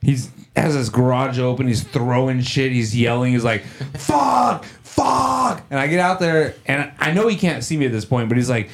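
Young guy rambling thru a crude story, swears a lot, laughs at himself, normal pitch. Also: fairly quick, hardly any pauses. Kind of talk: casual chat.

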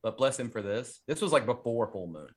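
A man's voice: medium pitch, animated, brisk. An ordinary-sounding man talks through a horror movie on his podcast. He rambles and swears freely, leaning on plenty of "like"s and "um"s as he goes. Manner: rambling and profane, with many fillers. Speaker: podcast host. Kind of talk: casual horror movie chat.

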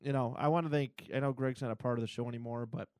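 A man's voice: mid-range voice, steady tone, fast, darkish tone, smooth, dry recording. A man with a mid-range voice, easygoing as he hosts a podcast in casual chat. The sound is dry and close to the mic. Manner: easygoing, wraps up the show. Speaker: podcast host.

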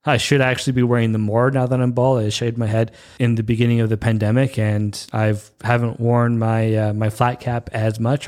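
A man in his thirties from Canada hosting a podcast, ranting in a rambling, self-interrupting way and jumping up in pitch when he gets irritated. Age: 30s. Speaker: podcast host. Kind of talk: casual monologue rant.

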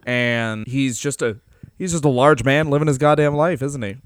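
A man's voice: medium pitch, normal speed, no room sound, studio quality. A man co-hosting a comedy podcast, teasing playfully with frequent giggles. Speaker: podcast co-host. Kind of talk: crude comedic chat.

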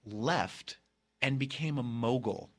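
A man's voice: mid-range voice, slow. A man in his fifties hosting a comedy podcast, chatting in a playful, campy way and cracking jokes. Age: 50s. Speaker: podcast host. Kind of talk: casual comedy podcast chat.

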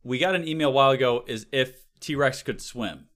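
A man's voice: mid-range voice, a little fast, fairly bright tone. A man hosting a casual podcast chat, talking loosely and laughing often. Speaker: podcast host.

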